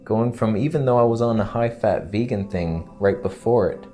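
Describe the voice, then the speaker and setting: A man's voice: on the low side, normal speed, mellow, soft background music. A man vlogging in a casual, candid and joking way, rambling from point to point. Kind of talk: casual vlog monologue.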